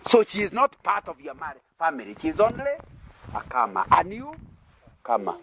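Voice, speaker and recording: A Kenyan-accented man teaching a sermon in a fairly high voice. His pitch swings widely as he talks. He keeps throwing rhetorical questions at the congregation and chuckling between points. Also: wildly swooping pitch, normal speed, fairly bright tone. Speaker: preacher.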